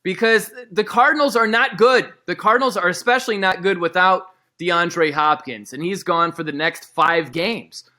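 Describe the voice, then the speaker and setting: Bright, high-voiced opinionated sports talker. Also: male voice, normal speed, few pauses. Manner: animated, opinionated, jokey. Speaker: sports talk guest. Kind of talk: casual sports talk show chat.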